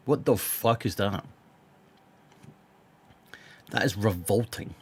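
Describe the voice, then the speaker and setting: A young man streams live and reads chat, talking casually with his viewers in a lowish, slow, husky voice. He's blunt, rambles, swears freely and has a sore throat.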